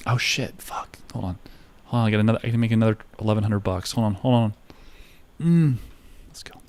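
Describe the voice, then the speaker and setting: A man's voice: lowish voice, brisk, darkish tone. A man chatting casually on a live stream while trading, rambling and profane, with lots of filler words. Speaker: livestreamer trading stocks.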